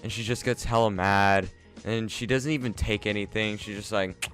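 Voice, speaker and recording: A man's voice: fairly low pitch, steady tone, moderate pace, fairly bright tone. A young man telling a casual, profane, self-mocking story to his viewers. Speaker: vlogger. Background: faint instrumental music.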